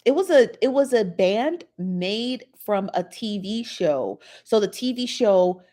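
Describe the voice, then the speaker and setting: A woman's voice: medium pitch, mellow. A woman, chatting animatedly as a podcast co-host and laughing often. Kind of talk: casual chat.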